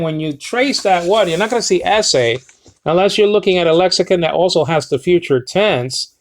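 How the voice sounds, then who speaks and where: A man teaching a casual Bible lesson on Greek grammar, spelling out words letter by letter and checking in with listeners often. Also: on the high side. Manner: explains step by step, spells out letters, many fillers like okay.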